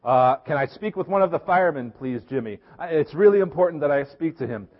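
A man's voice: a little high, lively intonation, fairly quick, phone-quality sound. A man doing a pushy male telemarketer. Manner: insistent questioning. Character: persistent adult male telemarketer.

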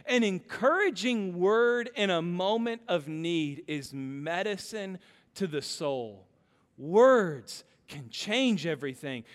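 A man in his thirties preaching a sermon as pastor, telling stories with animated swings from loud to hushed. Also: high voice. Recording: long hall reverb.

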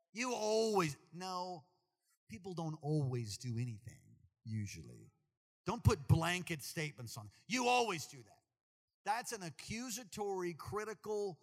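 A man preaching a sermon to a congregation, animated and jokey, talking straight to the people in the church. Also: fairly high pitch, long reverb tail. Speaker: pastor.

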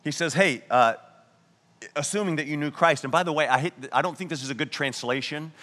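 A man preaching a sermon as pastor, telling a story and slowing down to stress key words. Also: a little high, a bit bright, in a large hall. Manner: earnest storytelling preaching, slows down for emphasis.

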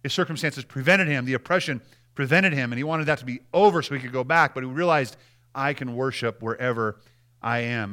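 A man's voice: a little high, pushed and bright. A man preaching a sermon as pastor, talking to the congregation in a conversational way, often checking in with them and repeating his words. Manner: repeats words and restarts phrases.

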